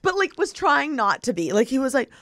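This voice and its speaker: A young woman co-hosting a podcast, telling a story in a bubbly, animated way with lots of fillers and laughter. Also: high voice, fairly quick, no room sound, studio quality. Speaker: podcast co-host. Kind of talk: casual storytelling chat.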